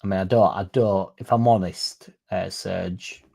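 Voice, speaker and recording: Casting: male fan-channel host, gravelly, rambling, sweary live-chat delivery. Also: low voice, fairly even intonation, a little slow, warm tone. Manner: rambling, self-interrupting, sweary. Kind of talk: casual live-stream chat reading comments.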